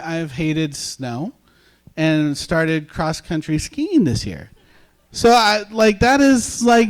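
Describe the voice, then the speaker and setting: A man preaching a casual sermon as pastor, chatty and self-deprecating, bantering with his congregation. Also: on the high side.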